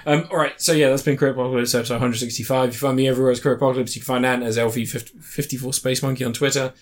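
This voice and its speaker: A man's voice: medium pitch, little pitch movement, very fast. Rambling profane podcast host man. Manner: rambling, profane, retells scenes with silly voices. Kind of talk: casual chat.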